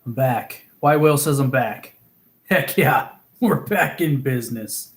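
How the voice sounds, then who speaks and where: A man's voice: medium pitch, lively intonation, unhurried. A man from Oklahoma hosting a casual fishing livestream, chatting, giggling and reading viewers' comments aloud. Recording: roomy echo.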